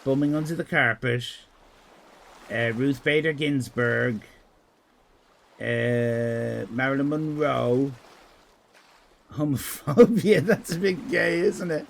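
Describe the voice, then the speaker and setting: A man's voice: medium pitch, slow pace, vocal fry, pauses often. A man with an Irish accent chatting casually on a live stream while drawing. He talks in a crude, rambling, irreverent way and reads out comments from chat. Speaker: livestreamer.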